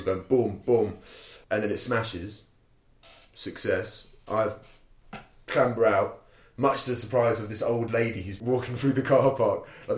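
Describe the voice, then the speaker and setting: Young man, low-pitched, casual rambling storyteller, roomy sound. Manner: rambling, laughing, sweary storytelling. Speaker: podcast guest telling a story. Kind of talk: casual chat. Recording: roomy echo.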